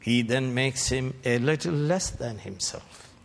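A man preaching a fiery sermon, rebuking his hearers and bursting into shouted peaks between slow, deliberate lines. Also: mid-range voice, creaky. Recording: long hall reverb.

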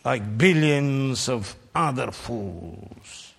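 Speaking at a medium pitch with vocal fry, a man delivers a fiery sermon that rebukes his listeners. Slow, deliberate lines give way to shouted peaks, all carried by a long hall reverb.

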